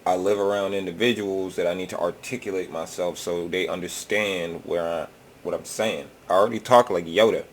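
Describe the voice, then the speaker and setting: Deep-voiced man, reaction host, drawling, profane, loose and rambling. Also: fairly even intonation, normal speed, slight background noise. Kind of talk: casual reaction commentary.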